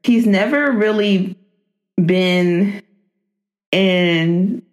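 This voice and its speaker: A woman's voice: medium pitch, drawn-out words. A woman co-hosting a casual podcast, trading wry quips and laughter. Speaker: podcast co-host. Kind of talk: casual chat. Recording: roomy echo.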